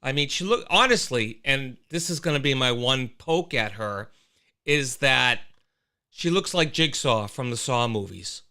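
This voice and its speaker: A man's voice: mid-range voice, a little slow, clean tone. A man hosting a casual livestream show, talking animatedly and greeting viewers from the chat. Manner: animated, exclaiming, with frequent restarts.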